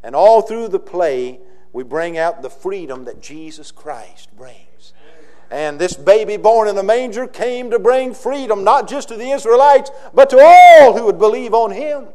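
A male pastor with a Southern US accent preaching a sermon, swinging between loud emphatic declarations and quiet, slowed phrases. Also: high-pitched, lively intonation.

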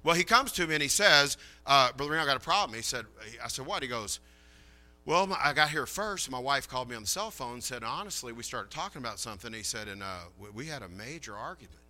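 A man's voice: mid-range voice, animated, fast talker, pushed and bright. A man preaching a sermon in a folksy, chatty way, telling a story and acting out the dialogue.

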